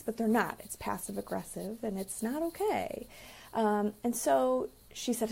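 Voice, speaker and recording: Woman, relationship coach, gravelly fry, fairly high voice, animated, casual advice talk. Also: normal speed. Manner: animated, acts out quoted dialogue.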